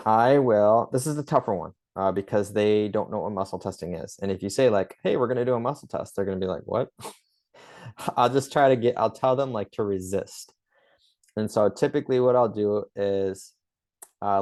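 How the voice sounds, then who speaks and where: A man teaching a few Spanish phrases for patient exams, in a loose, chatty way, slowing down to say each phrase carefully. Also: on the low side. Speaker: chiropractor teaching clinic Spanish. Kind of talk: casual instructional talk.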